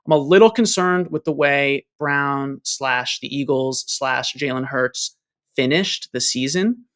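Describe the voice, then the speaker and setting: A man's voice: medium pitch, a little slow, fairly bright tone. A man who is a guest analyst in a casual sports chat, confidently laying out his reasoning point by point.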